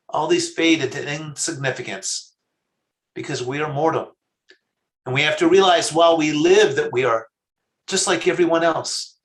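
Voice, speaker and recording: A man, a rabbi, telling a story in a sermon, measured and slowing down for emphasis. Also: a little high, fairly bright tone. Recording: echoey room.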